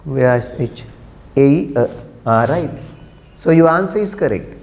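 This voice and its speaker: A man's voice: medium pitch, lively intonation, measured pace, vocal fry, a little mellow. A man teaching pronunciation to a class, patiently repeating words and asking questions. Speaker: English teacher. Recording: long echoey room reverb.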